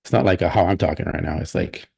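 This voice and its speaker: A man's voice: sits low, racing, vocal fry, dark tone, husky. A man hosting a live stream, chatting casually and rambling with plenty of restarts and opinions.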